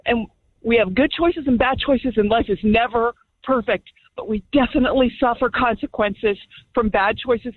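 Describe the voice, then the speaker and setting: A woman's voice: a little high, husky. Impassioned woman caller on a phone line. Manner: impassioned, personal testimony. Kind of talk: call-in radio talk.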